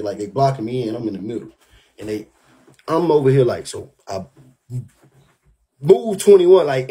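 Husky man ranting on a livestream. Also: medium pitch. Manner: profane, animated, keeps saying "bro". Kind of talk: heated storytelling rant.

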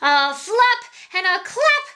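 A woman's voice: extremely high pitch, very animated, slow, pushed and bright, voice pushed up, exaggerated voice. A woman voicing a greedy big old male eagle who screeches and squawks his threats. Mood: menacing.

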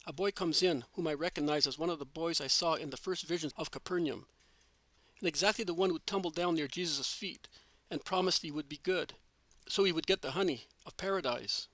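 Man reading devotional narration, bright tone. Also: on the high side, brisk, dry recording. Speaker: reader.

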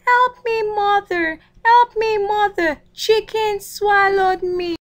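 A woman's voice: very high voice, fairly even intonation, takes it slowly, pitched above the performer's own voice. A woman voicing a frightened little male millipede crying for help from inside a chicken. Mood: pleading.

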